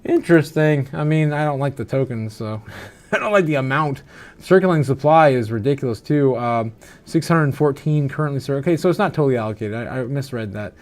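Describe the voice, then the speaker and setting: A man's voice: mid-range voice, animated, a little fast, darkish tone. A man hosting a livestream who sounds a little tipsy and slightly slurred, chatting loosely with lots of "uh" fillers and frequent laughter. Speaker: crypto livestream host. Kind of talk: casual livestream chat reading viewer comments.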